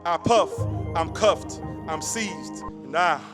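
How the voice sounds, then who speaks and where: High-voiced man performing spoken word poetry. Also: expressive, slow pace, music in the background. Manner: rhythmic, rising to a half-sung chant.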